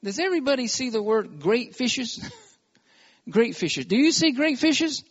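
A man's voice: very high-pitched, expressive, moderate pace, dull audio. A male pastor preaching a sermon, emphatic, calling for amens from the congregation.

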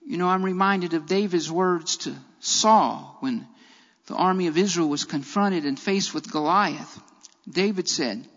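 Male preacher, very high voice, emphatic, repeats key phrases, sermon, dull lo-fi sound. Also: a little slow, a bit bright, big-room sound.

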